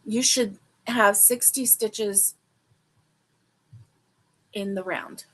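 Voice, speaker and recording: Her voice is husky and fairly bright, medium in pitch, and extremely slow as she runs a relaxed crochet livestream. Slightly sleepy, she rambles to her viewers with plenty of fillers, addressing them directly.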